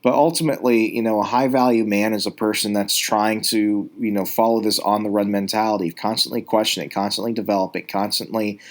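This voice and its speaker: A man's voice: lowish voice, steady tone, a little fast, few pauses. A man hosting a podcast, giving earnest, rambling commentary with frequent restarts. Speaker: podcast host. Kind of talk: casual reaction commentary.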